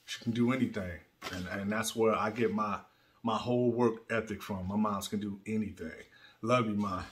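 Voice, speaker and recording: A man's voice: lowish voice, steady tone, normal speed. Heartfelt rambling male vlog host. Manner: heartfelt, rambling, repeats words. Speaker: channel host. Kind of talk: casual vlog talk. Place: studio.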